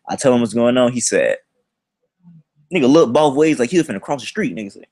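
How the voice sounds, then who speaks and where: A young man chatting on a livestream, rambling through a slangy high school story. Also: fast talker, a little mellow, dry recording, studio quality. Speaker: livestream host.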